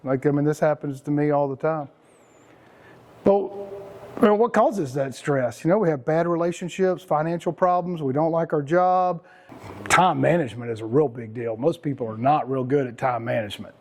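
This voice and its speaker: A man's voice: a little high, moderate pace. A man, hosting and talking casually to a small group, rambling and self-mocking with some cursing and sarcastic mock voices. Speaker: host.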